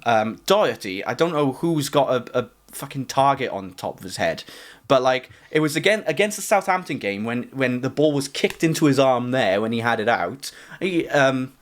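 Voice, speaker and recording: A man from the UK co-hosting a casual chat podcast, rambling with lots of "like" and "you know". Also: medium pitch. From United Kingdom. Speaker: podcast co-host.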